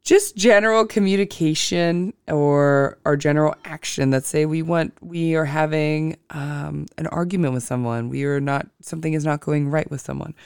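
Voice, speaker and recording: Solo astrology podcaster: slow, thinks before speaking, restarts a lot; gravelly, dry sound. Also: mid-range voice, dry recording. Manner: self-correcting, with frequent restarts. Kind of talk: casual solo podcast talk.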